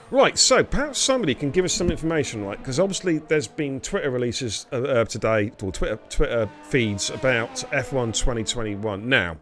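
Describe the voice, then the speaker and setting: A man's voice: mid-range voice, animated, normal speed, a bit bright, faint music behind. A man hosting a racing league live stream, bantering and teasing the drivers in casual commentary. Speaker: race league host.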